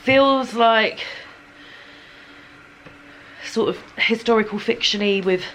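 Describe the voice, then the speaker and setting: A woman's voice: a little high, slow pace, a bit bright, a little hiss or hum. A woman in her thirties chatting casually in a home vlog, rambling and giggly. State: slightly snotty with a cold. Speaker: vlogger. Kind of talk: casual chat. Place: home kitchen.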